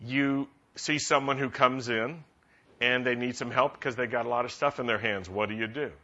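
Bright-voiced man preaching a practical sermon. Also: medium pitch, normal speed. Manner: conversational, practical, rising animated emphasis. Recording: dull lo-fi sound.

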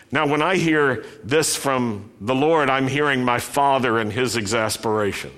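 A man preaching a sermon, speaking deliberately and lifting his voice when he reads a passage aloud. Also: mid-range voice, a bit bright. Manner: slow, deliberate delivery with emphatic rising quotations.

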